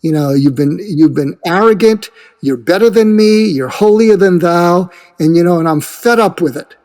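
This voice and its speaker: A man's voice: high voice, normal speed, a little mellow. A man acting out an ordinary man who is fed up with being talked down to, speaking in an aggrieved, pleading way. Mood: resentful.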